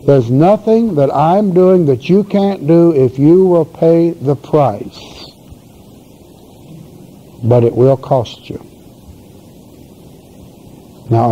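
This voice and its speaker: A man's voice: mid-range voice, takes it slowly, pauses often. A male pastor preaching a sermon in a folksy, emphatic storytelling manner. The voice is heard on a dull, lo-fi recording with faint hiss.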